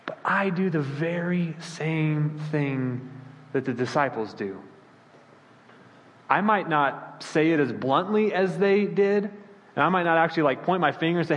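Male pastor, sermon delivery, lively and storytelling, slightly high voice, big hall reverb. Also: a little slow. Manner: animated, acts out quoted voices with sudden pitch jumps.

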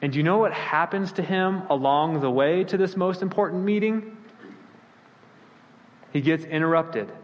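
Male pastor, sermon delivery, lively and storytelling, slightly high voice, big hall reverb. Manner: animated, acts out quoted voices with sudden pitch jumps.

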